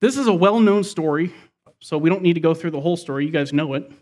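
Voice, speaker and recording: High-voiced man preaching a sermon. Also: fast talker, darkish tone. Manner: expository, explains scripture verse by verse. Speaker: pastor.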